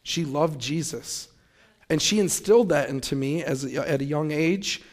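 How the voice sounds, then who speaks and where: An earnest young man with a voice pitched a little above the usual, sharing a personal testimony. He speaks in a reflective, sincere way and sometimes pauses to gather his thoughts.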